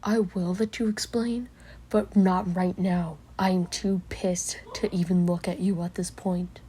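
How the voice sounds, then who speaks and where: A woman's voice: lowish voice, fairly even intonation, measured pace, slight background noise, close to an everyday voice. A woman voicing a blunt, foul-mouthed sibling who fiercely protects the listener, in an amateur role-play. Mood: furious. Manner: blunt, cursing, sharp-tongued.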